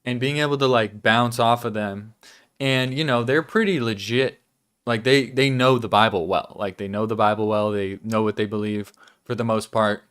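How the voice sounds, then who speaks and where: A man's voice: lowish voice, normal speed, a bit bright, smooth. A young man hosting a casual weekly vlog, chatting loosely about his life while chewing gum and swearing now and then. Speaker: vlog host.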